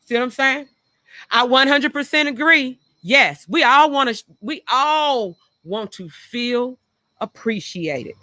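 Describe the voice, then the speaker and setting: A woman's voice: high voice, expressive, takes it slowly, pushed and bright, dry recording. A middle-aged woman hosting a talk show, speaking frankly and earnestly about her own past and repeating phrases for emphasis. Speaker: show host. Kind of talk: reflective personal talk.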